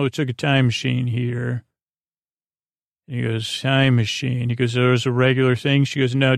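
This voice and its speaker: Gravelly flat-voiced man recapping sleepily. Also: mid-range voice, no echo, clean studio sound. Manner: halting, many uh fillers and restarts; loose paraphrase of dialogue without doing voices. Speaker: podcast host. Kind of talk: relaxed bedtime story recap.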